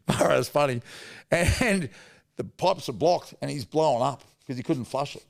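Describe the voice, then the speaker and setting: Podcast guest: middle-aged Australian man, gravelly mid-range voice, casual rambling yarns. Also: medium pitch, moderate pace. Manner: blokey, rambling anecdotes with mild swearing. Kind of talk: casual storytelling.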